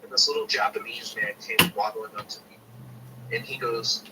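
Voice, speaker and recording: Animated rambling man telling stories. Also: fairly low pitch, moderate pace. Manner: rambling storyteller, lively and jokey. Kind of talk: casual chat about model kits. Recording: noisy room, mic a little far off.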